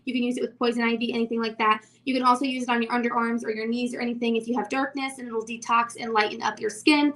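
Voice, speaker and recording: A woman in her twenties with a slightly high voice gives a lively, bubbly skincare demo. She sounds enthusiastic as she talks on a live video call. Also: fast talker, hardly any pauses. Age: 20s. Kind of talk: casual live product demo.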